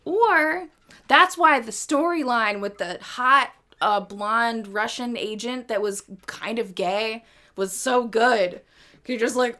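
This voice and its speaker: A woman's voice: on the high side, takes it slowly, pushed and bright. A woman hosting a live music stream, chatting in a bubbly, giggly, rambling way between songs. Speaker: host and singer-songwriter. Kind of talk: casual livestream chat between songs.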